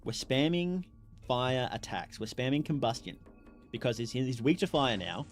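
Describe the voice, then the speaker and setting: Lively, chatty male game streamer. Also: mid-range voice, normal speed, faint music behind. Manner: chatty, reacts loudly with exclamations and laughs. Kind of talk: casual live game commentary.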